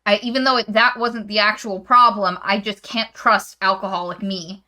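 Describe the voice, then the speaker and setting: A woman's voice: mid-range voice, steady tone, normal speed, sharp tone. A woman co-hosting a podcast, chatting casually and sarcastically as she roasts a novel, swearing freely. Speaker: podcast co-host. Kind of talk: casual book-roast chat.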